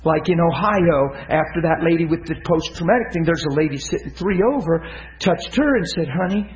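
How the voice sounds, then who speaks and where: A man preaching, telling stories to his listeners, swinging from loud excitement to hushed tenderness. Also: fairly high pitch, brisk, echoey room, lo-fi sound. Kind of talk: sermon storytelling.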